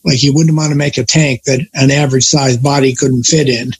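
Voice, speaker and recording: He's an older man, a guest in a casual conversation, recounting lengthy stories from his career and often correcting himself along the way. His mid-range voice is husky and steady, his delivery brisk, and the recording rough.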